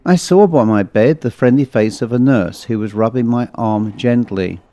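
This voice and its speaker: A man narrating a ghost story in a measured, ominous storytelling manner. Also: medium pitch, mellow, no echo.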